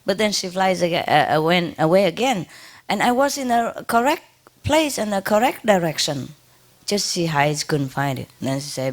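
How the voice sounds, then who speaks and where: A woman's voice: on the low side, big pitch swings. Woman telling a story with frequent laughter. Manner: laughs often, imitates bird sounds; halting, repeats words. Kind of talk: storytelling talk to an audience.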